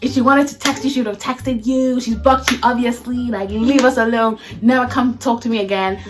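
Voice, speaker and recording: A woman putting on a fed-up young woman who scolds someone in a sharp, angry tone. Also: a little high, fairly even intonation, a little fast, faint music behind, pitched above the performer's own voice, close to an everyday voice.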